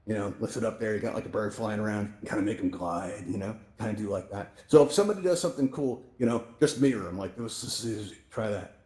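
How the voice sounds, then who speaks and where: A man's voice: lowish voice, quick pace, hardly any pauses, a little mellow, echoey room. A man hosting a live virtual reality event, upbeat and chatty as he coaches the audience through the controls. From New York. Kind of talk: live instructional walkthrough. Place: virtual reality social space. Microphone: VR headset microphone.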